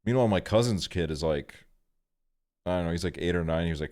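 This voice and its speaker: A young man with a very deep, smooth, clear voice tells a rambling story in a laid-back, casual way. He swears freely as he streams. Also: fast, darkish tone.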